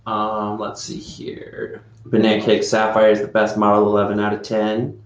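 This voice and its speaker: A relaxed man hosts a livestream and reads viewer comments aloud with easy fillers. His voice sits in a roomy space, and the sound is somewhat dull. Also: lowish voice, moderate pace, a little hiss or hum. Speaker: livestream host.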